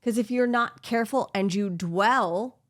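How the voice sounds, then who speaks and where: A woman's voice: on the high side, a little slow. A woman co-hosting a casual talk show, speaking earnestly and encouragingly, sometimes quoting scripture. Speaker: podcast co-host. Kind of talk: casual faith-based chat.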